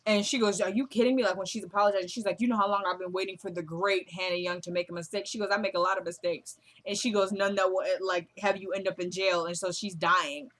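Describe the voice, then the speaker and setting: A woman casually recapping a TV drama episode, retelling scenes as quoted dialogue with a chatty, animated delivery. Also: medium pitch, quick pace, hardly any pauses. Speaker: show recap vlogger.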